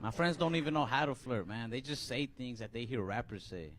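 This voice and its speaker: A man's voice: mid-range voice, fairly quick, recorded from a distance, noisy background. Laid-back man doing stand-up in a roomy club. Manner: laid-back, mumbly delivery with stammered restarts. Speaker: stand-up comedian. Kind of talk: stand-up comedy. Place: comedy club stage. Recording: roomy live club recording with crowd laughter.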